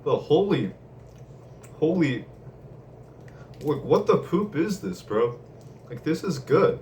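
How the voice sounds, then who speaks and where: A man's voice: a little high, big pitch swings, slow pace, a little mellow. A young man rambling casually with lots of slang and laughter while telling a story from his day. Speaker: vlogger. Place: room at home. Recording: distant mic, faint room noise.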